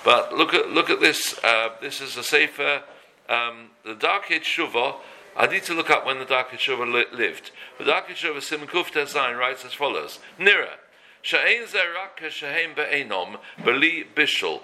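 A man teaching a daily religious law class, halting often and mixing Hebrew terms into his talk. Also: medium pitch, animated, bright, forceful tone, a little hiss or hum, rough recording.

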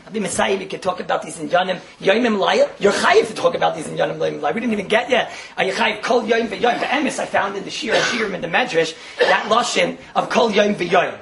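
A man gives a Torah class, jumping from teaching into storytelling with a lively, swinging pitch. He speaks quickly and laughs often as he talks. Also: gravelly, a crowd in the background.

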